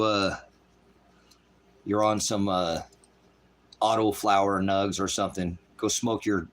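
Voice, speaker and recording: Angry profane preaching man. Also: low-pitched. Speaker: street preacher.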